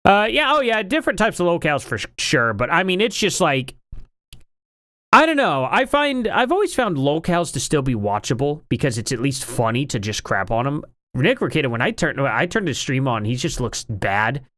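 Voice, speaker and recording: Male streamer, casual commentary, rambling and incredulous, very animated pitch, dry close sound. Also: normal speed, no room sound.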